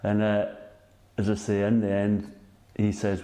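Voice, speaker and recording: A man's voice: lowish voice, completely flat delivery, unhurried, warm tone, roomy sound. A Scottish man in his sixties, a former footballer, telling rambling stories as a guest and often asking "you know what I mean?". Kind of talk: casual anecdote telling.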